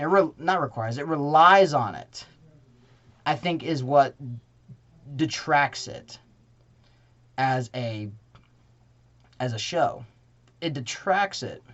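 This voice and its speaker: Young male reviewer, slightly high voice, rambling and self-correcting, muffled lo-fi audio. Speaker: theater reviewer. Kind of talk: casual spoken review. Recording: dull lo-fi sound.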